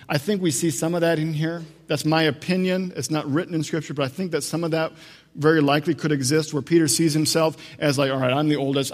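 A male preacher giving an unhurried, conversational sermon with asides and restarts, in a church sanctuary. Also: on the high side. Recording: long echo of a large hall.

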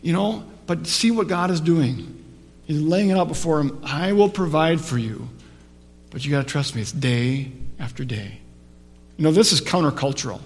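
A man preaching a sermon as pastor, telling the story with lively shifts from soft to emphatic. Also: on the high side, normal speed, long reverb tail.

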